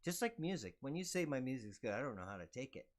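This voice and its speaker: An older man, a musician, chatting casually in a humble, soft-spoken and agreeable way. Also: mid-range voice, big pitch swings, fast. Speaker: musician guest. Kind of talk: casual conversation.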